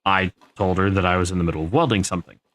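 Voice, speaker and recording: A man's voice: low-pitched, very fast, a bit bright. A man live streaming a game, telling a rambling, profane story to his chat. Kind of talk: casual storytelling while gaming.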